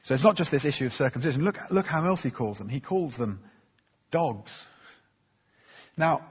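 A man's voice: medium pitch, lively intonation, moderate pace, husky. A man preaching a sermon in an earnest, conversational way, with frequent ums and uhs. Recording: dull recording in a reverberant hall.

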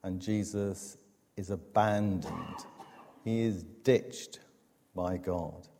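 A man preaching a sermon, measured and emphatic, with dramatic pauses. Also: sits low, creaky, dark tone, a little hiss or hum. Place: church. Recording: long church reverb.

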